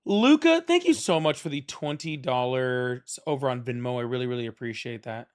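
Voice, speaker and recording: A man's voice: mid-range voice, lively intonation, clear, resonant tone. A man hosting a live political call-in stream, chatting casually and pressing callers hard. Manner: argumentative, quick to press callers.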